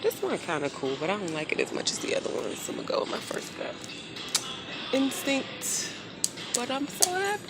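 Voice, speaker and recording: A woman chatting casually and excitedly to her phone camera as she browses a large home decor store. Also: sits low, brisk, vocal fry, heavy background noise. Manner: chatty, excitable, thinks aloud. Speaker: vlogger. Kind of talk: casual shopping vlog. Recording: store background music. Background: store music playing.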